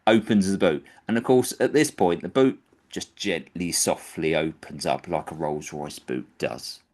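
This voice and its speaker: A man telling an anecdote in a casual chat, animated and acting out the characters' lines. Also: deep voice, unhurried. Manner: animated, acts out quoted characters. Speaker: podcast storyteller.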